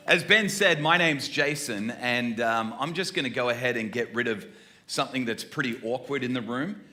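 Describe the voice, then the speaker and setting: A man in his forties whose speech blends an Australian accent with an American one, preaching to a church congregation. He is energetic and playful, joking straight at the room. His tone is bright and forceful. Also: medium pitch. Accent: Australian mixed with American. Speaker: guest preacher. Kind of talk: lively sermon opening with crowd banter. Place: church service before a congregation.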